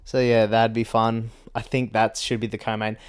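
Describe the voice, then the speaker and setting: A man with a low, smooth and clear voice talks in a loose, rambling chat. He swears freely and often breaks into short laughs between his points. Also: level tone, moderate pace. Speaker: MMA commentary vlogger. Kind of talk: casual chat.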